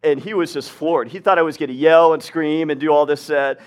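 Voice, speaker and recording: A man delivering a relaxed sermon to a live congregation, mixing scripture with stories from his teaching days. He talks in an easygoing, chatty way, laughs often and keeps checking that the room follows him. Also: a little high, fairly quick, clean tone. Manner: conversational, laughs often, checks in with "right?" and "okay?". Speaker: preacher and teacher. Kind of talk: casual sermon. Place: hot upstairs room, live audience.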